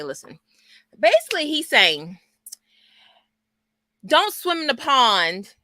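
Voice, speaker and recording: A middle-aged woman from Texas hosting a homeschool book club livestream from her small home office, lively and chatty, greeting viewers by name. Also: medium pitch, dry recording. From Texas, US South. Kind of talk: casual livestream book chat. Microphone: desk mic.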